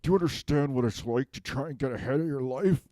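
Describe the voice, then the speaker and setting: A man performs a resentful, pouting villain complaining that he's been exposed, in a comedic self-tape. He rambles on, keeps adding "okay?", and talks quickly in a warm, mellow, medium-pitched natural voice. The audio is close, dry and echo-free, and the tone whiny and aggrieved.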